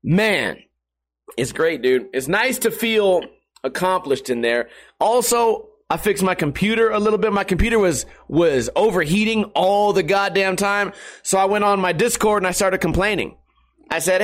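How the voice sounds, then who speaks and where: A young man talks from home on his stream, loose and profane, wandering from story to story and cracking himself up. His voice sits high for a man, and the delivery stays casual and crude throughout. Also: animated, normal speed. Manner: crude, rambling, laughs at own stories.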